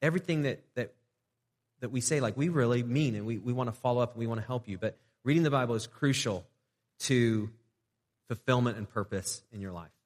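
A male pastor preaching in a relaxed, conversational way, stumbling and restarting now and then and acting out little prayers to show how it's done. His voice sits in a middle register and carries a long reverb off the church walls. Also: mid-range voice, fairly quick. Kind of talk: sermon.

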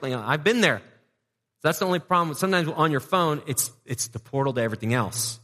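A male pastor gives a sermon in a relaxed, conversational way, slipping into playful asides. His voice sits at an ordinary middle pitch for a man. The sound carries the long reverb of a church sanctuary. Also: a little fast.

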